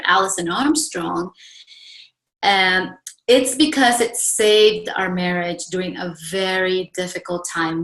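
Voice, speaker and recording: A woman's voice: lowish voice, roomy sound, low-quality recording. Woman coach telling a personal story. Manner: personal, animated storytelling with audience questions. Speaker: relationship coach. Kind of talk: storytelling talk to an audience.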